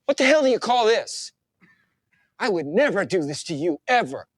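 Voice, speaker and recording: An actor playing a defensive young boyfriend who indignantly turns the blame back in a film scene. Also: male voice, high-pitched, very animated, moderate pace, no echo, clean studio sound. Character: defensive young boyfriend caught hiding things. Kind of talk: film dialogue.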